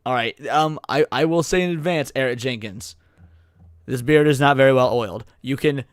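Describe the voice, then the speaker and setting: A man's voice: medium pitch, moderate pace, no room sound, studio quality. A man co-hosting a late-night stream, joking around and reading chat messages aloud with frequent stammered restarts. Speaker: VTuber co-host.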